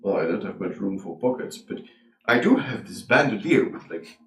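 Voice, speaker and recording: A man playing a tabletop game, talking hesitantly with many pauses and ums. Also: fairly low pitch, lively intonation, a bit bright. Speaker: player. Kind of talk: tabletop role-play. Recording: echoey room, far from mic.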